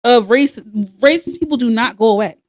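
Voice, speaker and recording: A young woman co-hosting a podcast, telling stories with lots of swearing and animation. Her voice sits a little high, and the sound is close and dry. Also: moderate pace, no echo. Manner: animated, profane storytelling. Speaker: podcast co-host. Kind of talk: casual chat.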